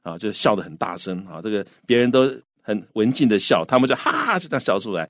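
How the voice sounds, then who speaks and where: A man teaching English, explaining and translating phrases slowly, with lots of repetition. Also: lowish voice, very animated, dry recording, clean studio sound. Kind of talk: bilingual language lesson.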